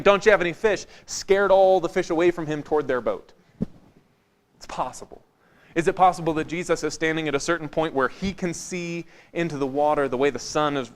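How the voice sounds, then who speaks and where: Higher-voiced man preaching a relaxed sermon. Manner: conversational and wry, swinging from lively to hushed. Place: church.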